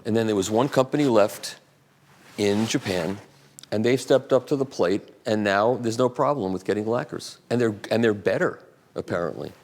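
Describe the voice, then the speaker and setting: A man's voice: lowish voice, moderate pace, darkish tone. A man at a live event, answering audience questions in a rambling, chatty way. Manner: rambling, chatty, with restarts and asides. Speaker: guest speaker at a live audiophile talk.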